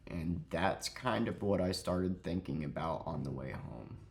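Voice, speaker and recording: A young man telling a sad story in a halting, grieving way, close to crying, in a confessional vlog. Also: deep voice, expressive, gravelly, darkish tone, slight background noise. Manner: halting, heavy with grief, self-critical. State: near tears. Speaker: vlogger.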